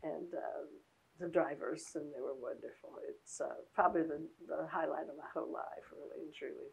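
A woman's voice: low voice, steady tone, creaky, husky, low-quality recording. An older woman, a guest in a casual interview, talking in a folksy way and laughing often. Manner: folksy, laughs often, drawn-out warm Southern phrasing.

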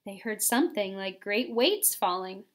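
A woman reading a children's novel aloud with expressive, lively storytelling. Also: medium pitch, normal speed. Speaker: audiobook reader.

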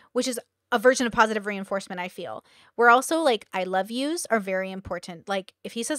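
A woman's voice: a little high, fairly quick, dry recording, clean studio sound. A woman content creator chatting candidly to camera in a rambling, confessional way. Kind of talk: casual talking-head chat.

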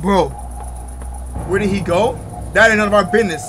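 A young man playing a horror game and reacting out loud, yelping, laughing and talking slang to his viewers, with game music loud behind him. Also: sits high, normal speed, background noise. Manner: yelps, laughs and exclaims loudly; slangy, says "bro" often. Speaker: gaming YouTuber. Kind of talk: excitable horror game commentary.

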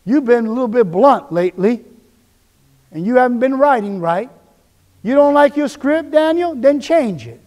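A man's voice: very high voice, darkish tone, big-room sound, muffled recording. A man preaching a sermon as pastor, emphatic and repetitive, voicing quoted inner voices.

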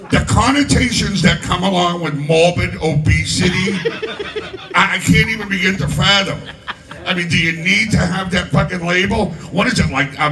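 Man, stand-up comedy, high-pitched, crude self-mocking jokes, distant mic, noisy club room.

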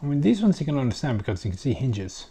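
A tired middle-aged man rambling casually in a deliberately quiet voice while he builds a model kit at home. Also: sing-song, breathy edge. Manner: quiet, deliberately low volume.

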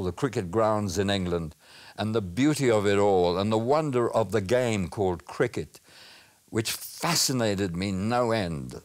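An older man with a South African accent, telling stories from his childhood and career in a lively way. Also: fairly low pitch. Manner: lively storytelling, mimics voices. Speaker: radio personality. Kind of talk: reminiscing interview.

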